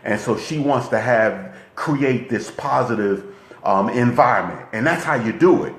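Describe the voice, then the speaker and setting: A man's voice: mid-range voice, measured pace, roomy sound. A man giving a motivational coaching talk, who keeps checking in with his listeners. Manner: lively, repetitive, checks in with "okay?". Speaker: relationship coach.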